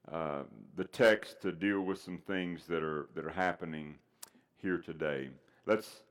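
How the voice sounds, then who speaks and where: A man preaching a Sunday sermon in a somewhat low voice. He talks loosely with ums and restarts between points. When he reads scripture he turns slow, loud and emphatic. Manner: conversational with fillers, rising to loud emphatic scripture reading.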